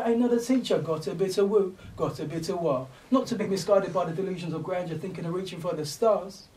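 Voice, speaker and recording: A man's voice: sits high, mellow, far from the mic, low-quality recording. A man performing spoken word poetry in a rhythmic, rhyming delivery with cockney slang. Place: event venue.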